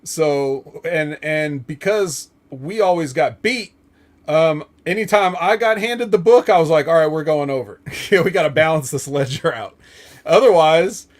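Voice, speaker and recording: A man hosts a casual podcast with a slightly high voice, recapping wrestling in a loose, joking way. He swears freely and laughs at his own jokes as he talks. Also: measured pace. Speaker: podcast host.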